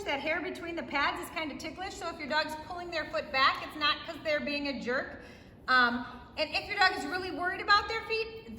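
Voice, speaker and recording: A woman's voice: high voice, bright, forceful tone, a little hiss or hum. A woman dog trainer teaching a puppy class, explaining to viewers while she praises and rewards a puppy. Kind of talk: instructional demo. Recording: echoey room, faint ambience.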